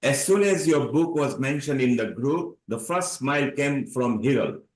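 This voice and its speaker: A man hosts an online panel and speaks with effusive praise for his guest. His voice sits at a middle pitch. It rings in an echoey room over a call. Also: animated, normal speed, a little mellow. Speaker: host. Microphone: video call.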